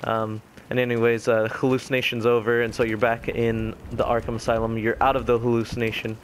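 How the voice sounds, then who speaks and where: A young man casually retelling a video game ending, rambling with many fillers and quickly mimicking the characters' lines. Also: mid-range voice, completely flat delivery, slight background noise. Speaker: gaming commentator. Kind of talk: casual spoken game recap.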